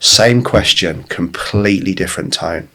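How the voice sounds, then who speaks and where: A man in his forties with a very low voice talks candidly on a podcast. He tells personal stories in a loose, unscripted way, swearing freely and often restarting his sentences. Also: normal speed, pushed and bright. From England. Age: 40s. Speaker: podcast guest, life coach. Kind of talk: casual conversational storytelling.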